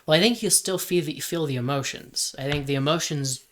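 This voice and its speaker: A man's voice: fairly high pitch, brisk, a bit bright, slight background noise. A man in his twenties co-hosting a podcast, thinking aloud in a hesitant way. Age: 20s. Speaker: podcast co-host. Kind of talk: casual brainstorming chat.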